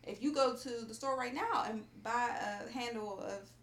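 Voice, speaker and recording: A woman who runs a cake business, telling stories in a relaxed podcast chat and filling her talk with "like" and "you know". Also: on the high side, moderate pace, echoey room. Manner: animated storyteller, lots of "like". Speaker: guest baker.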